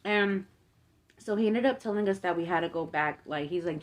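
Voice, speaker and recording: A woman's voice: lowish voice, normal speed. A young woman vlogger telling a long story in a casual, chatty way, swearing freely and peppering it with fillers. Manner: chatty, profane, filler-heavy retelling.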